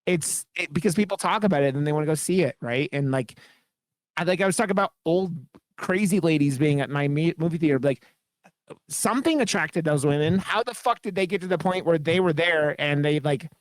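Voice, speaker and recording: A man talks horror movies on a podcast in a loose, rambling way, swearing freely. His voice sits a little high. The recording is dry and close. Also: fairly quick, no echo. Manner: rambling, profane, enthusiastic. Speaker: podcast co-host. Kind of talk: casual podcast chat.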